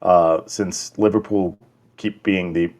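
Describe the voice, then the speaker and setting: A man co-hosts a podcast in a casual chat, his voice low, steady, and somewhat dark. He tells stories haltingly, often breaking off and restarting his sentences.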